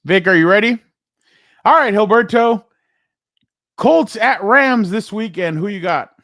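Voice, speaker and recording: A man co-hosting a casual sports podcast, animated and playful, quick to joke. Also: sits high, dry recording, studio quality. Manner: animated, breaks into playful repeated exclamations. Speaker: podcast co-host.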